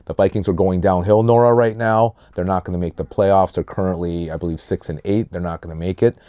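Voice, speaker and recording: Dark-voiced man giving sports hot takes. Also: deep voice, fairly quick, no room sound. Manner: animated hot takes, calls out names and leans on words. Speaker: podcast host. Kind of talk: casual sports podcast chat.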